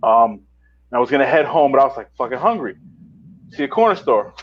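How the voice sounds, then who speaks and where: Dull, lo-fi audio captures a wrestling promotion owner with a brisk, mid-range voice, swearing and growing excited as he tells stories in a casual podcast conversation.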